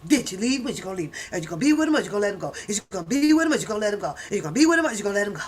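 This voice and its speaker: A woman hosting a reaction channel, giving loud, profane, laughing commentary on a book. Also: mid-range voice, sing-song, racing, slightly rough.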